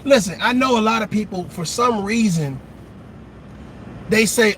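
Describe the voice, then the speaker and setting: A man delivering a profane comedic rant about dating, laughing and shouting as he goes. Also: sits high, a little slow, slight background noise. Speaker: dating commentator.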